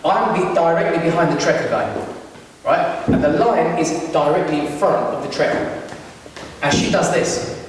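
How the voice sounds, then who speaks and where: A man with a high voice tells a stand-up story, lively and full of asides and acted-out lines. He sounds far from the mic in a big, reverberant hall with a faint hiss behind him. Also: moderate pace. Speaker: stand-up comedian. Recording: roomy hall, distant mic, faint noise.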